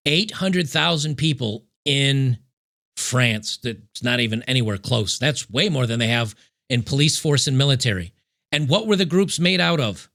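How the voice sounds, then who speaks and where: A man hosting political commentary, reacting to news clips in an emphatic, sarcastic way and repeating key points slowly. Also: mid-range voice, expressive, fairly bright tone.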